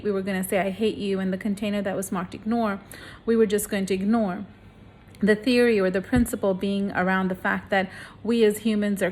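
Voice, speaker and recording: A woman, casually talking to the camera in a home video and showing things close up. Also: mid-range voice. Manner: expressive, shows jars close to the camera. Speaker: parenting vlogger.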